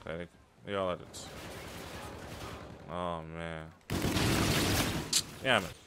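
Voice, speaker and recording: A young man giving live, slangy, excitable commentary over his own shooter gameplay. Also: low voice, drawn-out words, very noisy. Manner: excitable, slangy, trash-talking. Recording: game gunfire behind the voice.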